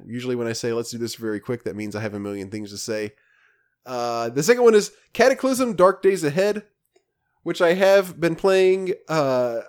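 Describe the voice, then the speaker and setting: A man co-hosting a casual podcast, telling a rambling, animated story about a video game with many restarts. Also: fairly high pitch. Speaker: podcast co-host.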